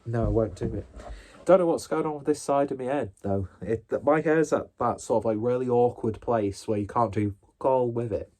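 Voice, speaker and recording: Low voice, man, beer review vlogger, rambling, self-deprecating. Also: mellow.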